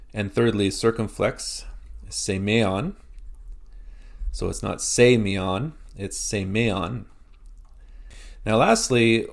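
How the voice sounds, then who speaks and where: Canadian guy with a really low voice, talks slow, walks thru examples one by one. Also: gravelly. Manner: slow, deliberate explanations with example words. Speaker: teacher. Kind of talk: recorded language lesson.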